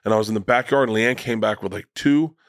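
Low-voiced man telling profane stories. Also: fast, no room sound, clean studio sound. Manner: profane, rambling anecdotes with restarts. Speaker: guest comedian. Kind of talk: casual storytelling conversation.

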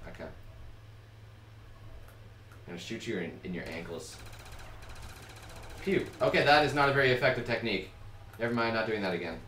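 A young man chatting casually while playing a video game with his wife, bossy and prone to sudden shouts. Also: fairly low pitch, animated, fast talker, pauses often, echoey room, recorded from a distance, a little hiss or hum. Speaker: gamer. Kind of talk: casual gameplay chat.

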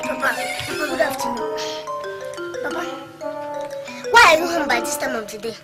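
A cheeky, daydreaming son with a Nigerian English accent and a very high, piping voice. He stammers over his words, boasts and wheedles, comic film style. Music plays clearly under the dialogue. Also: moderate pace, poor audio. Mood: evasive. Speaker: film actor. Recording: film audio with soundtrack music.

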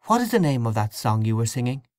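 A man voicing a quiet young wife who speaks softly and wistfully. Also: mid-range voice, big pitch swings, fast talker, no echo, clean studio sound, close to an everyday voice.

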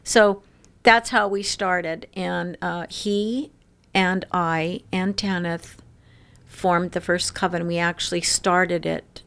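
A woman around sixty telling stories in an interview, lively and laughing often. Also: lowish voice, slow pace, smooth. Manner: lively storyteller who laughs often and acts out quoted voices. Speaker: interview guest. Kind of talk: casual storytelling interview.

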